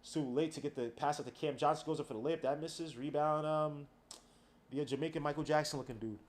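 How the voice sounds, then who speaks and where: A man's voice: a little high, fairly even intonation, fast talker. A man hosting a casual game watch-along podcast, talking loosely with slang and trash talk. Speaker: podcast host.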